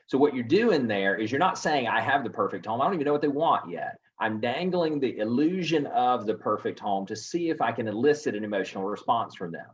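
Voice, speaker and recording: A man's voice: lowish voice, brisk, few pauses, slightly rough. Man coaching in lo-fi sound. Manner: animated, acts out buyer replies in a raised voice. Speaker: real estate coach hosting a webinar. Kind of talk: coaching talk with acted sales scripts. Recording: dull lo-fi audio.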